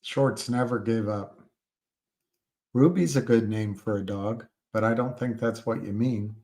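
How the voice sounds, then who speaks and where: Reading viewer comments on his stock-market livestream, a man with a lowish, slightly mellow voice speaks a little slowly. He's rambling and hesitant, restarting often and using many fillers, yet emphatic and indignant about short sellers.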